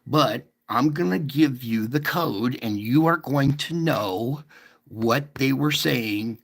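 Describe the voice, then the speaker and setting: A man hosts a casual livestream and explains at length. He wanders, restarts, and keeps checking in with his listeners. His voice is gravelly with a touch of fry, and he takes his time. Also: medium pitch, takes it slowly. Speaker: livestream host.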